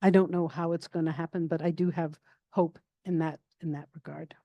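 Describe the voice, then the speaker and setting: An older retired woman, a guest speaker answering audience questions in a calm, level, chatty way with many fillers. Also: low-pitched, a little fast, dry recording, muffled recording. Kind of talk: casual Q&A answers.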